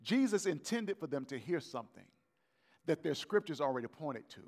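A man's voice: fairly high pitch, big pitch swings, moderate pace, a little mellow. A man, the pastor, preaching a conversational sermon and acting out the voices of biblical figures.

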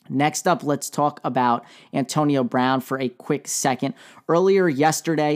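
A man hosting a solo sports talk show, talking casually with fillers and dry sarcasm. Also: medium pitch.

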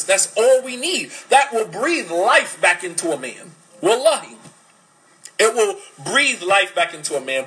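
A man's voice: high voice, very animated, bright, forceful tone, low-quality recording. A man giving a religious lecture on parenting, emphatic and full of rhetorical questions. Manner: switches to fast Arabic recitation. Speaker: Islamic lecturer.

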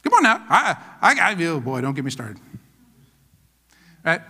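A man pastor preaching a sermon, animated and playful, acting out little scenes and laughing along. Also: on the high side, measured pace, husky, long reverb tail.

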